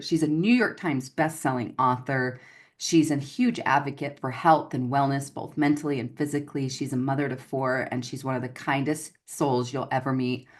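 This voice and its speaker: Low-voiced gushing woman host. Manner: effusive and gushing, calls listeners "y'all". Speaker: host of an online gratitude course series. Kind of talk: enthusiastic livestream interview.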